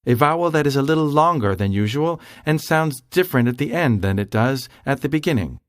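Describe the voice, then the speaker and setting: A man narrating a scripted grammar lesson in a slow, careful, explanatory way. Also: mid-range voice, animated, no echo, clean studio sound. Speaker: language tutor.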